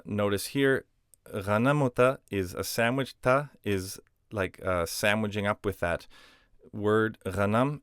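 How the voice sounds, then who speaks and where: A man's voice: on the low side, smooth, no room sound, clean studio sound. A man teaching a grammar lesson, explaining patiently step by step with spoken examples. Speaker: language teacher.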